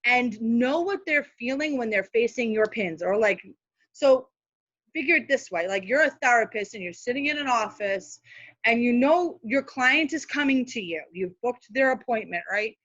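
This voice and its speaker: A chatty woman with a fairly high voice gives practical marketing tips as a guest on a live video call. She talks casually, full of fillers and asides. The sound is dry and a little dull. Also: animated, normal speed, fairly bright tone, no echo. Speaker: guest speaker, social media manager.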